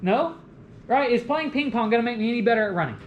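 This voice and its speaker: Male college lecturer, animated and jokey, roomy classroom sound with faint hum. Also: extremely high pitch, fast, lo-fi sound. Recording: echoey classroom with faint room noise.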